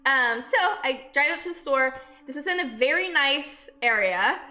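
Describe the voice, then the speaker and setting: Bright-voiced sick woman streamer. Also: high-pitched, lively intonation, moderate pace. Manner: rambling storyteller, greets chatters by name. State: sick and out of breath. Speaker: streamer and nurse. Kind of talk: casual chat with live viewers. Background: faint music.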